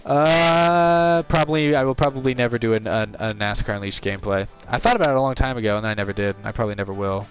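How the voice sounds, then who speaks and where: Young male streamer on a headset, tired voice, relaxed and rambling, game music going behind him. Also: lowish voice, racing, hardly any pauses. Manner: relaxed, rambling, answers viewer chat. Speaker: streamer playing a racing game. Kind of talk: casual live-stream chat.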